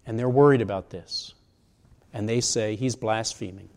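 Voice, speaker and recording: A man's voice: mid-range voice, moderate pace, darkish tone. A man in his sixties preaching a sermon in a conversational way, asking rhetorical questions. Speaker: pastor. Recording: long reverb of a large hall.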